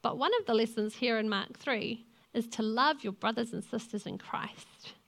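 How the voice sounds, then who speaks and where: Preaching a sermon, this young lay preacher and youth leader speaks earnestly and conversationally, drawing on personal stories. Her slightly high voice is fairly bright and creaky, moving at normal speed.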